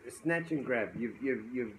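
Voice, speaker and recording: A man's voice: medium pitch, lively intonation, normal speed, a little hiss or hum, poor audio. An Australian man co-hosting a casual chat, teasing his co-host and chuckling between remarks. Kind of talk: casual chat about club golf handicaps.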